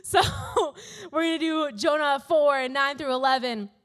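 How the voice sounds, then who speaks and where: Young woman, high voice, chatty, animated Bible story lesson, casual filler words. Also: moderate pace. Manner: animated, chatty, fills talk with "like" and "literally". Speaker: youth Bible teacher.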